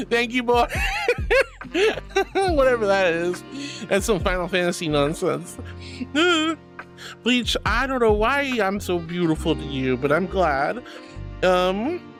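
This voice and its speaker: A woman's voice: medium pitch, lively intonation, measured pace, faint music behind. A woman live-streaming and chatting casually with viewers, affectionate and giggly, calling them sweetheart and hon. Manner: giggly, bubbly. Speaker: livestreamer.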